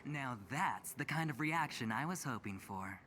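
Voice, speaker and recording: A man's voice: medium pitch, lively intonation, moderate pace, bright, forceful tone, a little hiss or hum. An actor playing a smug, teasing young male corporate gambler in a game. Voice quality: teasing, self-assured.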